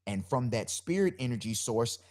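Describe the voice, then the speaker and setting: A man with a deep bass voice hosting a live solo podcast, talking loosely about energy and spirit and repeating his phrases. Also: sing-song, normal speed, a little mellow. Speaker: podcast host.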